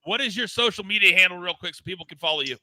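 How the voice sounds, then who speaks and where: A man's voice: high voice, very fast, a loud crowd. A man hosting a sports betting show, talking in hyped, emphatic banter and repeating phrases for effect. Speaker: show host.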